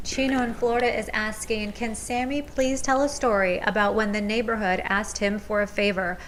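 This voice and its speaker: A woman's voice: medium pitch, fairly even intonation, moderate pace, slight background noise. A woman co-hosting a live podcast, playfully reading viewers' questions aloud. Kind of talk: casual live-stream chat.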